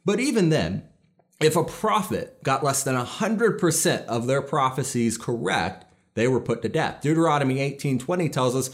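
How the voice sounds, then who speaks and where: A man preaching a sermon in a middle-pitched voice. He speaks earnestly and leans hard on key lines as he builds each point. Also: animated, moderate pace. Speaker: pastor.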